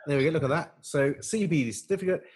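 A man's voice: a little high, fast, crowd noise. A man co-hosting a podcast, chatting in a playful, self-mocking way with stammering restarts. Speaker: podcast co-host. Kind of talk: casual chat.

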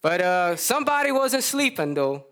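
A man's voice: high voice, very animated, normal speed, a bit bright. A man with a Louisiana accent preaching a sermon in a folksy storytelling way, acting out the characters.

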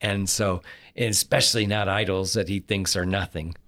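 A man's voice: low voice, fairly even intonation, normal speed, a bit bright. A man, a scholar on a podcast, explaining casually with chuckles and frequent restarts. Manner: chuckling, self-interrupting with restarts. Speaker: Old Testament scholar.

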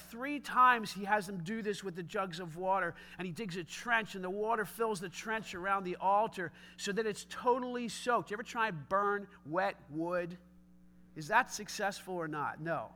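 A man preaching a sermon, retelling a scripture story with lively, casual asides. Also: sits high.

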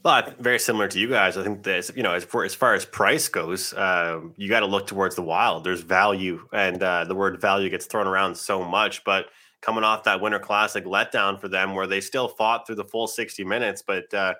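A man's voice: low voice, fairly even intonation, fairly quick, pushed and bright. A man co-hosting a sports betting podcast, chatty and loose, full of "you know" and restarts. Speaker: podcast co-host.

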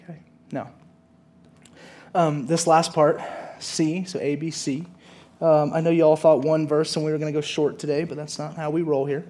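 A man's voice: fairly high pitch, little pitch movement, normal speed, a little mellow. A man preaching a sermon in a casual, chatty way, often checking in with the congregation. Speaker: pastor.

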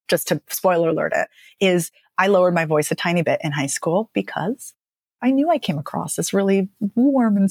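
A speech and dialect coach, a woman with a mid-range voice, describes her career path in a chatty, lively podcast interview, laughing often. The sound is studio quality with no echo.

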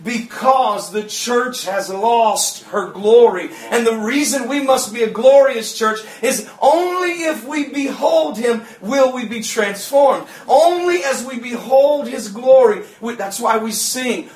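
Preacher guy, high voice, gets loud telling stories, echoey church. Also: slow pace, hardly any pauses. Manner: animated storytelling, acting out quotes and shouting at peaks. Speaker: pastor. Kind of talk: sermon. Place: church sanctuary. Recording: roomy church echo.

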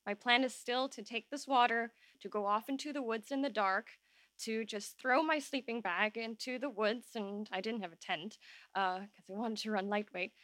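A woman telling a true personal story live on an open-air stage, emotional and halting, voice shaking at times. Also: a little high, fairly bright tone, no room sound.

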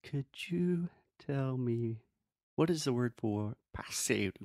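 Relaxed man teaching pronunciation. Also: medium pitch, slow pace, no room sound, clean studio sound. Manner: demonstrates sounds, relaxed and friendly. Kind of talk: casual teaching chat.

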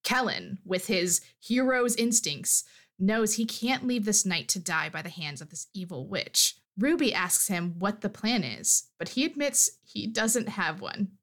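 A woman's voice: medium pitch, lively intonation, measured pace, a bit bright. A woman co-hosting a podcast, animatedly recapping a fantasy story in casual chat. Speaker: podcast co-host.

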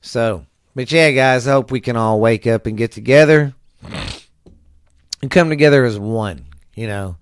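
A man's voice: fairly low pitch, smooth, no room sound, clean studio sound. A middle-aged man hosting a casual podcast from home, rambling and ranting with frequent swearing and stammers. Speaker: podcast host. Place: home at night.

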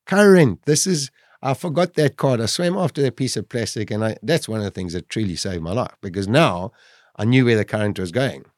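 A man's voice: fairly low pitch, lively intonation, fairly quick, dry recording, clean studio sound. A middle-aged man, a podcast guest vividly retelling his own ordeal and acting out his inner voice. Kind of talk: dramatic personal storytelling.

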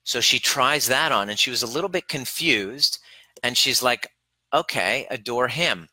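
A man speaking as a relationship coach, his voice very bright and forceful. He talks earnestly and with emphasis, acting out his client sessions as quoted dialogue. The recording is dry and close, with no room sound. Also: mid-range voice, lively intonation, a little slow, dry recording, low-quality recording. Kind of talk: coaching talk to camera.

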